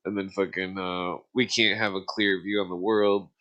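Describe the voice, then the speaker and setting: A man's voice: deep voice, little pitch movement, moderate pace, fairly bright tone, dull audio. A man co-hosting a podcast in loose, profane casual chat, laughing often. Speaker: podcast co-host.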